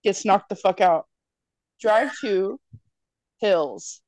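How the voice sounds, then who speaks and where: A woman's voice: medium pitch, very slow, a little mellow, dry recording. A young woman chatting casually, dropping dry teasing remarks. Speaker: podcast co-host. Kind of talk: casual chat.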